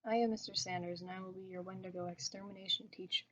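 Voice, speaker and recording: A woman voicing a calm, matter-of-fact middle-aged male monster-hunting instructor with a slight Canadian accent, read in a horror story. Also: mid-range voice, quick pace, a little hiss or hum, close to an everyday voice.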